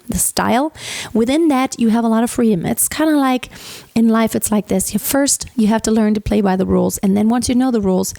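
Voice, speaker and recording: A woman's voice: medium pitch, vocal fry, dark tone, no room sound. A woman teaching singing, explaining technique and breaking into sung examples with a light, flowing delivery. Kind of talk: vocal lesson with sung demonstrations.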